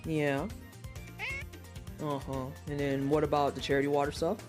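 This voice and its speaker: A woman streaming live, giving playful gameplay commentary with loud trash talk and quick, swearing reactions. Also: low voice, level tone, over music.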